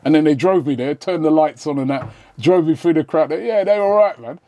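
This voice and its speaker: A man's voice: on the high side, fairly quick, warm tone. A man telling a story in casual chat, acting out quoted lines in slangy talk. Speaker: podcast guest.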